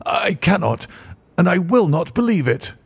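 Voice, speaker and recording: A man's voice: high-pitched, measured pace, creaky, slightly rough, dry recording, voice pushed up, exaggerated voice. A man voicing a distraught, emotional banker who pleads and exclaims. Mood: disbelieving. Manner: pleading, excitable, rising. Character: distraught middle-aged male banker, emotional.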